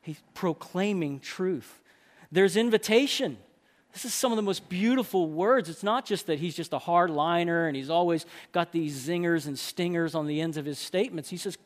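A man's voice: fairly high pitch, normal speed. A man preaching a sermon to a group of men, emphatic and full of rhetorical questions.

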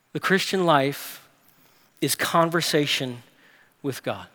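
A man delivers a sermon in a high, bright voice, dropping to quiet, slow phrases and then rising into fast, emphatic bursts. His voice carries a long reverb, as if recorded in a large church hall. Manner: animated preaching with big swings from hushed to emphatic. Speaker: pastor.

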